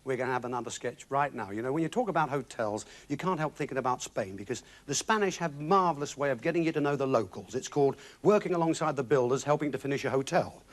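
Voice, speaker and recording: A man's voice: mid-range voice, lively intonation, fast talker, hardly any pauses. A man hosting a game show, presenting prizes and telling scripted jokes in a breezy, chatty way. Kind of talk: scripted gags and prize patter.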